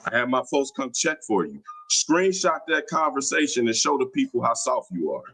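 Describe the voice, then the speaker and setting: A man's voice: mid-range voice, sing-song, normal speed, bright, forceful tone, husky, low-quality recording. A man hosting a livestream, talking in a combative, taunting, slangy way. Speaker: livestream host. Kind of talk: casual livestream talk. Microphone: streaming mic.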